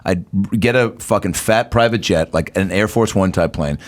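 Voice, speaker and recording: A man's voice: sits low, moderate pace. A male comedian guest on a podcast, riffing loosely through absurd bits with lots of fillers. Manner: riffing, rambling with fillers and jokes. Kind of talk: casual comedic chat.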